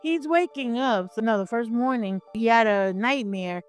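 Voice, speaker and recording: A woman's voice: fairly high pitch, normal speed, clear, resonant tone, soft background music. A woman co-hosting a casual film review chat, slangy and questioning, often laughing.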